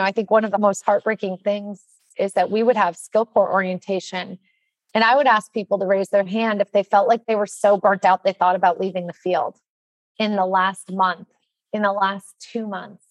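A woman in her forties speaking as a nonprofit leader in casual podcast talk, animated and chatty with lots of fillers. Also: mid-range voice, no echo. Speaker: nonprofit leader announcing trainings.

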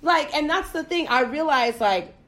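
A young woman from the United States telling a story in casual chat, profane and animated. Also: sits high, normal speed, slight background noise.

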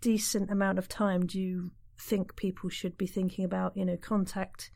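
Woman host, mid-pitched, easygoing interviewer. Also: level tone, moderate pace, gravelly, dark tone. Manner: friendly, with short backchannel replies. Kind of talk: casual interview talk.

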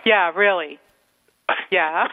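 Teasing female co-host on a phone line. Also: on the low side. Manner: teasing, dry, quick comebacks. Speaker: radio show co-host. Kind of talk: casual radio banter. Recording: phone-like narrow band.

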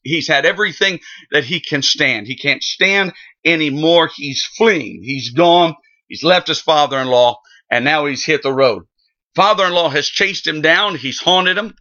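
Guy doing a bible teaching, bright punchy voice, folksy and lively, kinda muffled lo-fi audio. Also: on the high side, measured pace. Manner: animated, folksy retelling. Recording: dull lo-fi sound.

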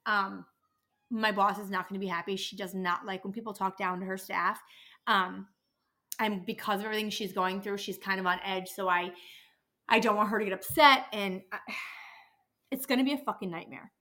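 A woman's voice: mid-range voice, steady tone, moderate pace, pauses often, sharp tone. A woman in her thirties who works at a dental office, hosting a casual solo podcast and ranting with exasperation and plenty of swearing. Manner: exasperated, venting, swears freely.

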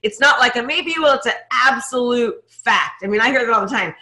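A woman hosting a podcast in casual interview chat, upbeat, talking in quick bursts with many restarts. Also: fairly high pitch, pushed and bright, echoey room. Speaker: podcast host.

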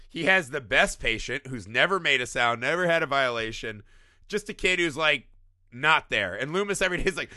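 Animated, very bright-voiced man. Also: a little high, brisk, no echo, studio quality. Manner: animated, profane, laughing storyteller. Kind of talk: casual chat.

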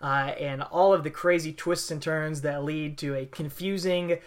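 A woman hosting a podcast, talking in an energetic, jokey, exclamatory way and reading an ad. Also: sits low, normal speed. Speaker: podcast host. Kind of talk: casual podcast talk and ad read.

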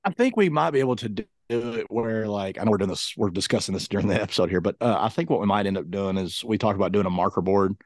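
A man's voice: lowish voice, fast, hardly any pauses, a little mellow, no echo, studio quality. A man co-hosting a casual podcast, telling family stories and teasing his co-host. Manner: teasing storyteller. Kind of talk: casual chat.

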